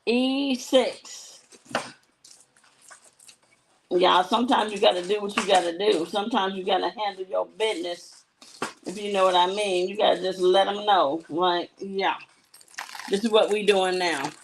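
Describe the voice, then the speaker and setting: A woman's voice: medium pitch, fairly even intonation, moderate pace, a little hiss or hum, rough recording. A woman hosting a live jewelry-selling show, chatting casually and telling sassy stories between items, with asides to her viewers. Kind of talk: casual live-stream chat.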